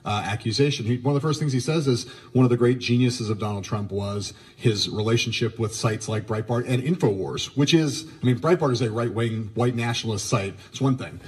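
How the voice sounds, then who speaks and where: A man giving measured news commentary and explaining a political book. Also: mid-range voice, breathy edge.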